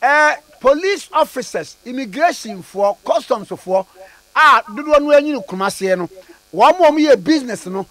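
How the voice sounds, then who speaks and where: A man with a Ghanaian accent hosting a radio phone-in, pressing his caller with quick questions. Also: very high-pitched, expressive, fairly bright tone, no echo. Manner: probing, quick interjections. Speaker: radio host.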